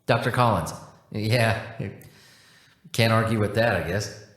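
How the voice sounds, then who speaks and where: A man's voice: lowish voice, unhurried, fairly bright tone. A man voicing a confused, polite scientist who speaks hesitantly and apologizes often. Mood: unsure. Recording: roomy echo.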